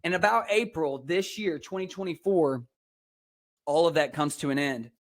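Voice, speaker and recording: A young man with a Texan accent, a personal trainer and speaker talking in a casual podcast interview, energetic and preachy, laughing often. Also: on the high side, normal speed. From Texas.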